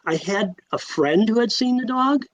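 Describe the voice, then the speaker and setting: Animated older man, high voice. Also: moderate pace, low-quality recording. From Connecticut, USA. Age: 60s. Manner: animated, acts out quotes, frequent restarts. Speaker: podcast guest. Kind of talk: casual storytelling.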